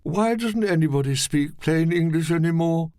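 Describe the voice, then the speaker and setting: A man voicing a sarcastic, food-obsessed basset hound dog. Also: animated, moderate pace, dark tone, no room sound, clean studio sound. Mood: exclaiming. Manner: exclaiming, sarcastic.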